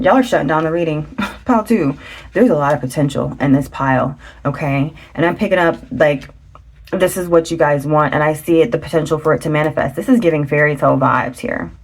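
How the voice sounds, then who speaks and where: A woman with a lowish voice, chatting straight to her viewers as she lays out a tarot reading. Her talk is loose and excitable, full of exclamations and bursts of enthusiasm. A faint noise sits under the recording. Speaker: tarot reader. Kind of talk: casual tarot reading to camera.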